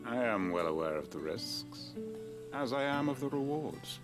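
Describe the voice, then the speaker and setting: An actor playing a formal middle-aged go-between in a fantasy game, speaking in a measured, deliberate way. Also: male voice, medium pitch, sing-song. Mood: calm. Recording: game audio with music behind.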